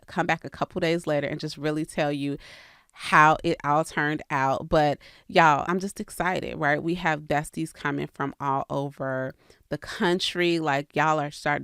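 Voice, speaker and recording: Earnest low-voiced woman podcaster. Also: fairly bright tone, clean tone, no room sound, studio quality. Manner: earnest, candid and faith-filled, talking straight to listeners. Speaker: real estate coach and podcast host. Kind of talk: casual podcast monologue.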